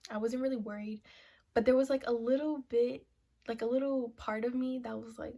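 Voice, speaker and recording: Chatty young woman, slightly high voice. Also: fairly even intonation, brisk, mellow. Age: young adult. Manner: chatty, full of "like" and "you know" fillers. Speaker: vlogger. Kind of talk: casual sit-down story time. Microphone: camera mic, seated to camera.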